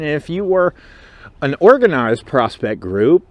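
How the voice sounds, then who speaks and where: A man hosting his own channel, telling a story in a casual, animated way and acting out the other people in it. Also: on the high side, unhurried, no echo. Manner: animated storyteller who acts out quotes and chuckles. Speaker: motorcycle club officer and channel host.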